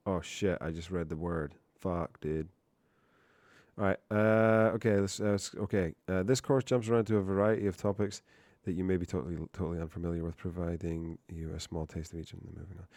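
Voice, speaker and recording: A man's voice: low-pitched, fairly even intonation, a little fast, a little mellow, no echo, studio quality. A male streamer reading course text aloud on a live stream and breaking off into profane, exasperated asides.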